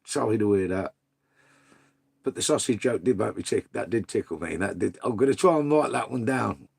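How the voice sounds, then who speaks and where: A man's voice: lowish voice, animated, moderate pace, creaky, darkish tone, breathy edge. A middle-aged man hosting a casual livestream, reading out viewers' messages. He calls people mate and son, and swears freely. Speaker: livestream host reading chat. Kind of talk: casual live chat.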